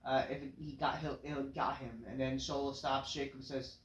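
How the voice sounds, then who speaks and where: A man's voice: mid-range voice, steady tone, moderate pace, roomy sound, rough recording. A man casually recapping a wrestling show in a rambling, offhand way, full of fillers.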